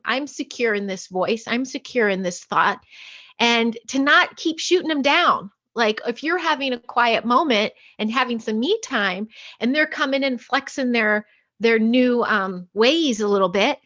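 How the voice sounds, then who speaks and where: Higher-voiced woman on muffled audio. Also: a bit bright. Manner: reflective, laughs between points. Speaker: mother. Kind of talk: casual podcast conversation.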